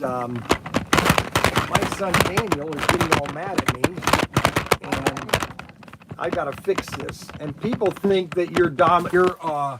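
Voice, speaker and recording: A man's voice: fairly high pitch, very noisy. A man who owns a toy shop, chatting casually on a livestream while packing orders, with frequent exclamations.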